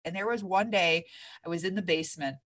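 A woman's voice: lowish voice, a bit bright. A woman in her thirties from Michigan, a fitness coach telling her own story as a podcast guest in an earnest, emphatic way. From Michigan, USA. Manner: earnest, emphatic, speeds up and slows down. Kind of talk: candid podcast interview storytelling.

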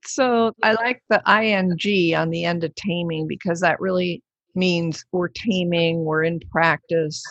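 A woman's voice: on the low side, fairly even intonation, measured pace, no echo. Chatty woman host, dry dull sound. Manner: enthusiastic, chatty. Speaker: podcast host. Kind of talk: conversational interview.

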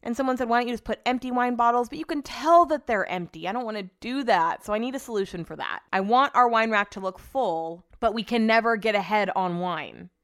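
A woman's voice: on the high side, fairly quick, few pauses, clear, resonant tone. A woman with a Californian accent, hosting a podcast on her own in a rambling, chatty and profane way. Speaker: podcast host. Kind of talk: casual solo podcast chat.

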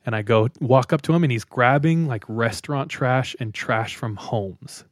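A young man hosting a podcast, telling a travel story in a casual, animated way, laughing often and acting out the people in it. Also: mid-range voice, moderate pace, no room sound, clean studio sound. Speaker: podcast host. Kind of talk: casual storytelling among friends.

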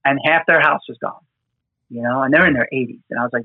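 A New York fire department team disaster responder shares stories from the field, earnest and emotional and often repeating words. His mid-range voice is fast, gravelly and husky, and the dry recording comes through a tinny, phone-like line.

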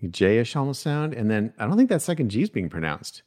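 A man's voice: medium pitch, very animated, brisk, darkish tone. A man hosting a solo podcast, chatting casually, mocking his own mistakes, laughing often, and thinking aloud with plenty of ums and uhs. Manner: thinks aloud with many fillers. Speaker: podcast host.

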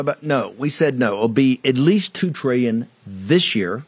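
A man hosting a political talk show, delivering a combative, mocking monologue that climbs into loud outbursts. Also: on the high side, breathy edge, dry recording.

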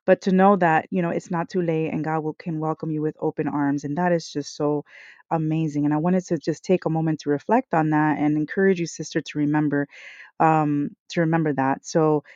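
On her podcast, a woman rambles earnestly through a casual devotional reflection, her low, slightly mellow voice fairly quick with fairly even intonation. "Like" and "you know" pepper her speech. The live recording comes from a small computer microphone and sounds dry, dull and lo-fi.

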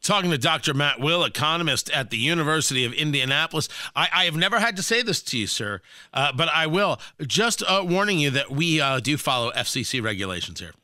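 A male talk radio host with a high, lively voice that jumps around in pitch. His tone is bright and forceful, and the sound is dry and close. He questions his guest with wry asides. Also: a little fast, no room sound.

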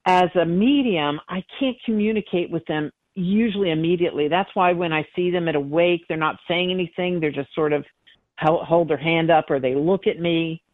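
A woman's voice: lowish voice, dry recording. A middle-aged woman, a psychic medium, telling stories in a conversational interview and acting out the dialogue in them. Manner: animated, acts out dialogue in her stories. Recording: dry tinny phone-like line.

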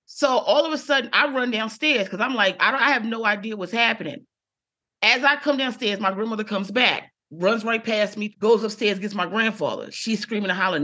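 A woman's voice: a little high, animated, normal speed, bright, forceful tone. A woman comedian telling a story with theatrical flair, acting out the people she quotes. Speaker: guest comedian. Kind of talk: storytelling in casual chat.

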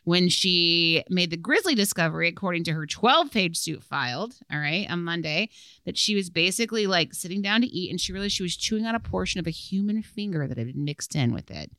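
A woman co-hosting a podcast, telling stories in lively, casual chat. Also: on the low side, brisk, no room sound, clean studio sound. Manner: lively storyteller, laughs often. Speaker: podcast co-host.

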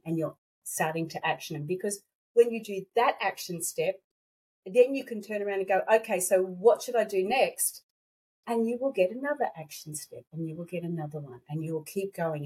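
A woman coaching on intuition in a conversational interview, talking lively and acting out her own quoted thoughts, with a slightly dry throat. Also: fairly low pitch, fairly quick, slightly rough. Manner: animated, acts out quoted thoughts, restarts often.

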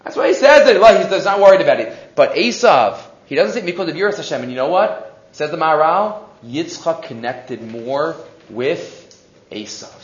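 Lively male Torah teacher, rhetorical questions, echoey lo-fi room. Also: a little high. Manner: mixes Hebrew and English, asks rhetorical questions. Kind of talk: animated Torah class. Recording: echoey, dull lo-fi classroom recording.

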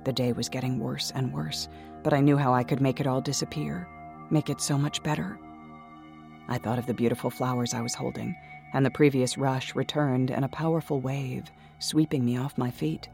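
A man's voice: medium pitch, steady tone, normal speed, vocal fry, darkish tone, faint music behind. A man reading a first-person story aloud in a dramatic, intense way, sometimes dropping to a whisper. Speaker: narrator. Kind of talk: first-person audiobook narration.

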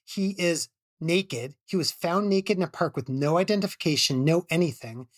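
A man's voice: on the high side, moderate pace, no echo, studio quality. Middle-aged man telling a wild story. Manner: animated storyteller, frequent restarts, laughs while telling. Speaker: emergency physician guest. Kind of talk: casual storytelling.

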